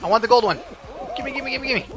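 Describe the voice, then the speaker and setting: Brief: animated gaming host, high bright voice, soft music underneath. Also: male voice, a little fast. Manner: animated, yelps and laughs at mishaps. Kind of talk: excited gameplay commentary.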